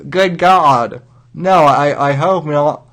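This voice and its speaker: A man hosting a livestream, giving rambling, wry commentary and halting with many restarts. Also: a little high, fairly bright tone. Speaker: livestream host.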